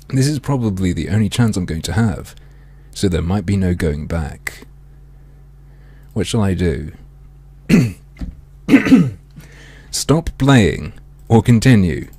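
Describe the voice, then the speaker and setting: A man's husky, slightly low voice swings widely in pitch as he drawls through game text and mocks it with swearing asides. His throat is strained, and he keeps clearing it. Faint game music plays underneath. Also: sing-song, takes it slowly, pauses often, dark tone. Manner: sardonic, swearing, mock-dramatic reading. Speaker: gaming streamer. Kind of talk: let's play commentary reading game text aloud.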